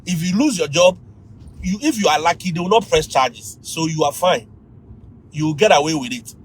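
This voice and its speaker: A man with a Ghanaian accent, a teacher giving lively advice to fellow teachers on a livestream, often laughing and mimicking students. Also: a little high, normal speed, a little hiss or hum, poor audio.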